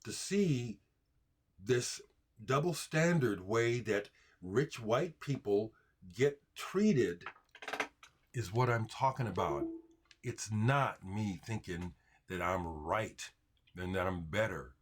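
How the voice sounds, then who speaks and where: A man's voice: lowish voice, lively intonation, takes it slowly. A man from the United States hosting his own video, talking straight to camera in an emphatic, frustrated way and often stopping to restart his sentences. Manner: heated, emphatic, frustrated ranting with repeated restarts. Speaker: video host answering viewer comments. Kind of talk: unscripted monologue to camera.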